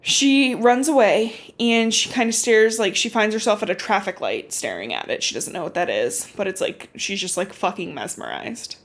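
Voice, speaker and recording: A woman's voice: medium pitch, moderate pace, hardly any pauses. Chatty woman recapping a book casually. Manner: animated storytelling, swears freely, many "like"s. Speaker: podcast host.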